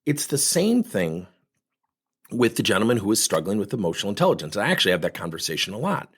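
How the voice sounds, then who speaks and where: A man's voice: fairly low pitch, very animated, quick pace, slightly rough. A middle-aged man coaching on workplace conversations, telling stories with energy and animation. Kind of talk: podcast monologue with acted anecdotes.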